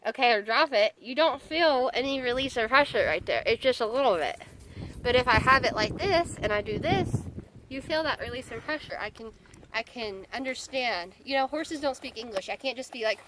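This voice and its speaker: Woman trainer, slightly high-pitched, chatty instructional commentary from horseback; noisy outdoor take with hoofbeats. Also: normal speed, bright, forceful tone. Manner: chatty, repeats key words for emphasis. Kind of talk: instructional commentary while riding.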